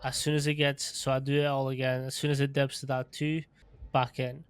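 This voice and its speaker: A man who works as a strength coach, explaining his training in casual podcast talk, filling pauses with "like" and "um". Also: medium pitch, clean tone, no room sound. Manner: even, filler-heavy explaining with frequent "like" and "um".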